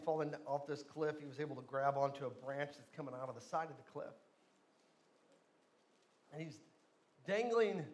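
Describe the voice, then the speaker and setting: High-voiced storytelling preacher man. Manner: storytelling preacher, acts out voices, rises to loud emphasis. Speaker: pastor. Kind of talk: sermon. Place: church sanctuary.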